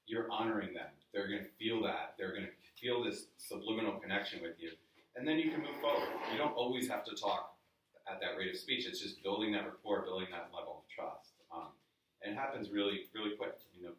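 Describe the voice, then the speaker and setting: A man's voice: on the low side, fairly bright tone. A man from the New York area leading a live sales training workshop, speaking casually and asking the room questions. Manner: conversational coaching, asks the room questions. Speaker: workshop presenter. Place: office meeting room with a live audience. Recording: very echoey room, voice from a distance.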